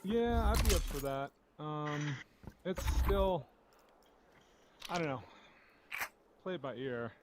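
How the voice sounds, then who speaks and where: A man chatting casually with friends while playing a video game, relaxed and giving short replies. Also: fairly high pitch, slow, long pauses, background noise. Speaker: gaming stream co-host. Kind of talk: casual gaming chat.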